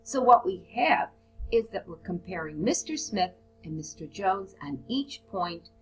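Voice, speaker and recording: A woman teaching a recorded lesson on writing business reports. She reads model sentences and lists of phrases aloud, then stops to explain how they work. Faint music plays quietly behind her voice. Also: medium pitch, animated, unhurried, low-quality recording. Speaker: English teacher.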